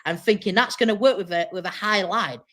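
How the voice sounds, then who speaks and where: Woman, football pundit, exasperated, sarcastic, mid-pitched. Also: brisk, fairly bright tone. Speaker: football pundit on a fan panel. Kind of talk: casual debate.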